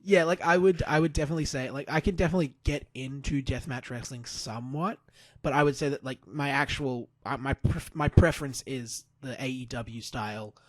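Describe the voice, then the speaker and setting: A man talking through a wrestling recap in loose, rambling play-by-play, full of fillers and restarts. His voice sits at a middle pitch and sounds dry and close, with little room around it. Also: fairly even intonation, a little fast, dry recording. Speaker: podcast co-host. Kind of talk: casual wrestling recap chat.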